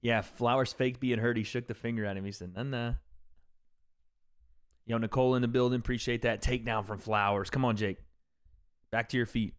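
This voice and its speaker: A man's voice: mid-range voice, fairly even intonation, quick pace, smooth. A man hosting a casual livestream, reacting to fights and joking with chat in a rambling way. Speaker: livestream host reading chat. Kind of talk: casual live commentary on fights.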